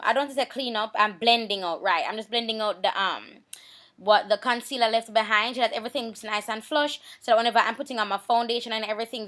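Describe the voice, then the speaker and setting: Her voice is fairly high and fairly bright as this woman chats her way through a makeup tutorial. She's casual and talkative, going over the same points again while she works.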